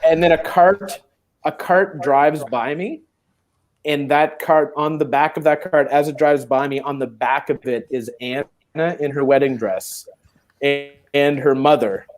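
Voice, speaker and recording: Man telling a lively anecdote. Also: on the high side, unhurried. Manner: animated, acts out quoted voices. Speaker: co-host. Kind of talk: casual storytelling chat.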